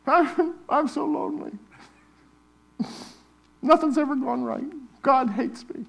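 A male preacher voicing a self-pitying man who whines to a friend in a high, wailing voice. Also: takes it slowly, creaky, fairly bright tone, heavily acted, rough recording. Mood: whining.

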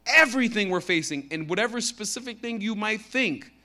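A man with a Texan accent delivers a sermon in a high voice. He reads scripture aloud at a slow pace, then shifts into conversational preaching that gains force on his key lines. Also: lively intonation, pushed and bright. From Texas. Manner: slows down to read scripture aloud. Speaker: pastor.

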